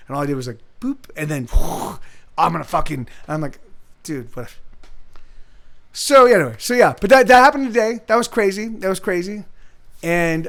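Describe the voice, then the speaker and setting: A man's voice: high-pitched, a bit bright. A man talking in a rambling, profane monologue, restarting his sentences and answering chat readers by name as a livestream host. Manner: profane, repetitive, restarts often.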